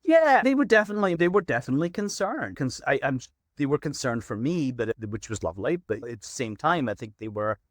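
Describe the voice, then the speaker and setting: A man's voice: medium pitch, big pitch swings, brisk, no echo, clean studio sound. A middle-aged veterinary practice manager, a man, telling stories in a casual interview and acting out his own stern warnings to clients.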